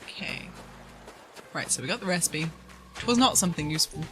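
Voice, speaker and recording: A woman's voice: lowish voice, animated, fairly quick, a bit bright, slight background noise. A woman streaming a video game from home, chatting casually and giggling as she talks to her viewers and her pets. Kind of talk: casual live-stream chatter while playing.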